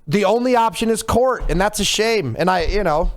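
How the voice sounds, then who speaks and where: A man's voice: high voice, expressive, normal speed. A man hosting a casual podcast, talking earnestly and reflectively, giving heartfelt advice over a video call. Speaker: podcast host.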